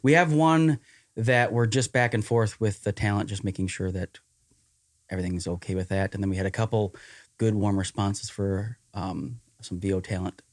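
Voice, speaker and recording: A man co-hosting a casual podcast, giving brisk, matter-of-fact updates. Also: on the low side, fairly even intonation, dry recording. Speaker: podcast co-host.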